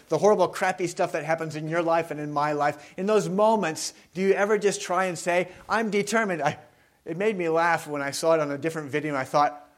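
A man preaching a sermon with a slightly high voice. He talks to his congregation in a conversational way and keeps asking them questions. He moves between loud, emphatic stretches and quiet, reflective ones. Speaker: pastor.

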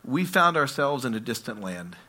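A male pastor preaching a sermon, telling stories and acting out voices, swinging between loud and hushed. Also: mid-range voice, normal speed. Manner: storytelling, animated, acts out voices, swings loud and soft.

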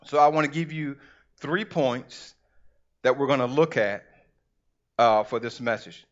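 A middle-aged male pastor preaching a sermon and reading scripture, with an emphatic delivery that calls on the congregation and slows down to stress key words. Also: mid-range voice. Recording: dull lo-fi recording.

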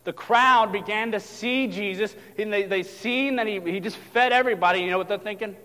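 A man preaching a sermon in a casual, animated way, acting out the voices of the people in the story. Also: sits high, brisk, clear, resonant tone. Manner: animated, acts out voices of disciples and crowds, casual asides. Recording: long hall reverb.

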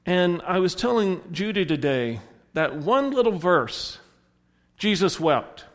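A man's voice: high voice, very animated, takes it slowly. A man preaching a sermon as a pastor, retelling a story and acting out the characters' lines. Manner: storytelling, voicing the characters in quotes. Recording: long hall reverb.

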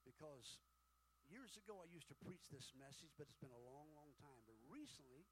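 A man preaching a sermon, telling a story with folksy humor, shifting between hushed and loud. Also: a little high, expressive, normal speed, a little hiss or hum, low-quality recording. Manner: dramatic, swings from hushed to loud. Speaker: pastor.

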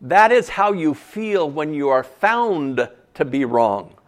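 Conversational male pastor, slightly high voice. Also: very animated, slow. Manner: conversational, asks the congregation questions; repeats key phrases for emphasis. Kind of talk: sermon.

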